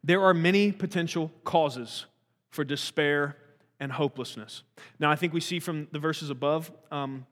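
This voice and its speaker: A man's voice: on the high side, moderate pace, a bit bright, in a large hall. A man giving a conversational Bible teaching, earnest and talky, with frequent restarts and rhetorical questions.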